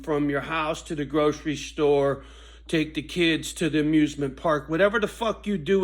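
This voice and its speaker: Foul-mouthed guy preaching at the camera, kinda high voice, loud rants then low mutters. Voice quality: swears constantly, preachy and intense. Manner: swings from loud fired-up rant to low muttering. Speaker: vlogger. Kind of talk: profane casual monologue.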